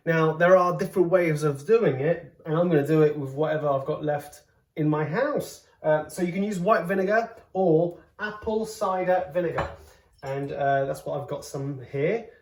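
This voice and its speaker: A man hosting a casual cooking vlog from his home kitchen, joking around and exclaiming loudly as he tastes. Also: a little high, normal speed. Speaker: host, comedian cooking at home. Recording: roomy kitchen sound. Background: faint background music.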